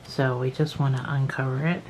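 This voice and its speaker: A Scottish woman explaining crochet steps in a relaxed, chatty way, thinking aloud and joking at her own expense. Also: extremely low pitch, brisk, faint music behind, poor audio. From Scotland. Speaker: crochet teacher. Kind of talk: casual step-by-step craft tutorial.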